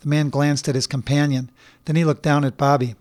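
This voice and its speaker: A man reading a short story aloud in a measured, even storytelling manner. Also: fairly high pitch, dry recording, clean studio sound. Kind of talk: scripted narration.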